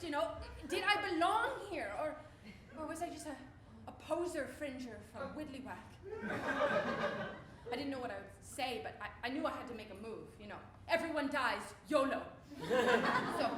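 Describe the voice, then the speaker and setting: A giddy, show-off wife, bragging and giggling in a high, bubbly voice, as a woman acts her out on stage. The sound is an echoey live theatre recording with clear background noise. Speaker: stage comedy performer. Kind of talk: live comic stage monologue.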